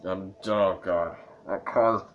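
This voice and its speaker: A man playing a video game and reading its dialogue aloud, with a sore throat from reading, and sometimes breaking into loud, exasperated rants. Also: sits low, slow pace, muffled recording, slight background noise. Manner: reads flatly, then bursts into loud exasperated ranting. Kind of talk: let's play narration, reading text aloud.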